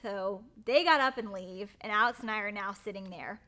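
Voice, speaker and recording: Bright, chatty young woman. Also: mid-range voice, moderate pace. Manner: chatty, animated, gushing. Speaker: bride-to-be telling the proposal story. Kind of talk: casual storytelling.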